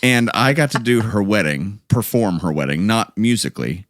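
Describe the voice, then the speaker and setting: Very deep-voiced man hosting a podcast. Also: lively intonation, moderate pace, fairly bright tone, dry recording, clean studio sound. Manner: chatty, joking, rambling asides. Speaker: podcast host. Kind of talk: casual chat.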